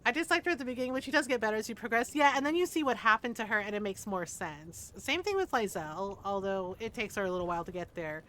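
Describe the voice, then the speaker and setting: A woman's voice: medium pitch, fast, few pauses, slight background noise. A woman streaming a game, chatting casually and laughing often, with loose, profane commentary. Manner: animated, laughing, swears, breaks into character voices. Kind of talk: casual gameplay chat.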